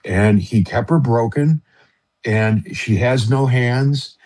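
Husky-voiced man telling a heartfelt story. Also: medium pitch, a little mellow. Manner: earnest, halting, with many fillers and restarts. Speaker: radio show guest.

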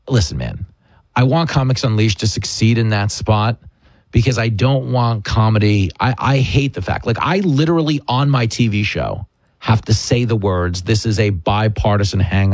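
A man hosting a radio talk show, chatting casually and joking in a quick, animated way. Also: lowish voice, dry recording. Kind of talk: casual comedic chat.

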